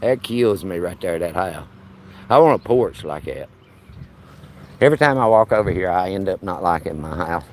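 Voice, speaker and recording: A man's voice: sits low, animated, normal speed, a little mellow. A man, chatting casually on a live stream as he walks his dog outdoors. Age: 50s. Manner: talks to his dog as he strolls, folksy and joking. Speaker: vlogger. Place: outdoors on a neighborhood street. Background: faint outdoor ambience.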